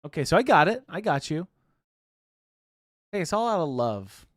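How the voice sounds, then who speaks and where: Laughing, playful man with a lively voice. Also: a little high, moderate pace, dry recording, clean studio sound. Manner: playful, laughs often, puts on silly voices. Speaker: livestream co-host. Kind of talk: casual livestream banter.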